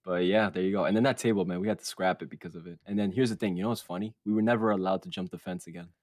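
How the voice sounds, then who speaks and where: A young man with a fairly low voice tells a story from his childhood on a podcast, swearing freely and acting out what others said. He sounds close to the mic in a dry space. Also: rapid-fire, dry recording. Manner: animated and profane, quotes others in put-on voices. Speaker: podcast co-host. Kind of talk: casual storytelling.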